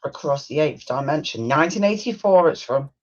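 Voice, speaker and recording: A woman's voice: sits low, animated, a little fast, darkish tone. Woman, blunt muttered asides, casual chat, muffled lo-fi sound.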